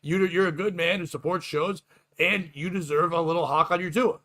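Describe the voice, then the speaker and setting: A high, bright male voice riffing in loose comedic banter. He swears freely, jokes sarcastically, and slips into little acted-out quotes as he talks. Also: fairly even intonation, normal speed. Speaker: podcast host, comedian. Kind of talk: casual comedic chat.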